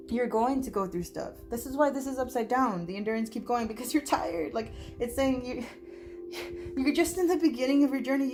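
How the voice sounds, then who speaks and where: A woman giving a tarot reading to her viewers, overwhelmed and close to tears, talking fast and emotionally. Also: a little high, a little mellow. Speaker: tarot reader.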